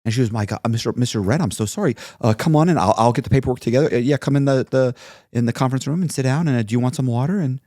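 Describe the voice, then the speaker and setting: A man's voice: mid-range voice, very fast, mellow, no echo, clean studio sound. A man telling a story in a casual interview, acting out both sides of the conversations he recounts. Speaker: podcast guest telling his story.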